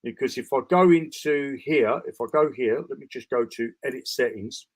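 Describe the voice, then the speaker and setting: A man's voice: mid-range voice, moderate pace. A man walking through a trading bot dashboard during a live screen-share broadcast, talking casually with restarts, fillers and frequent "okay?" checks. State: tired, yawning. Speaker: crypto trading bot presenter.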